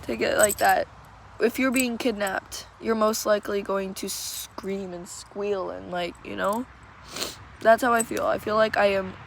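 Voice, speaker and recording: Slow, husky-fried teen girl confiding. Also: mid-range voice, a little hiss or hum, rough recording. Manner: halting, searching for words, tearful. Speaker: vlogger. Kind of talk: emotional personal confession.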